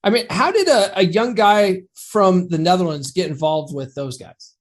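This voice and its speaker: A man's voice: high voice, lively intonation, moderate pace. Easygoing male podcast host. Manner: laughs often, easygoing. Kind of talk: casual interview chat.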